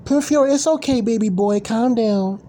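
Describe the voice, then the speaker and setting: A man mimicking doting female fans, using a high sing-song coddling voice. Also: a little fast, dark tone. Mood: cooing. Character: mocking cooing female fans, motherly.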